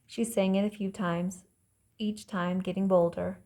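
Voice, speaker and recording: With a mid-range voice, a woman reads her own novel aloud as audiobook narration. Her storytelling is calm and measured, and she voices the characters lightly.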